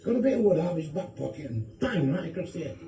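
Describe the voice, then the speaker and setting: Crowd noise surrounds a fast-talking man whose voice sits a little high, his intonation lively as he tells bawdy, profanity-laced jokes and does voices for the characters. The clip is phone video taken from a distance in an echoey space.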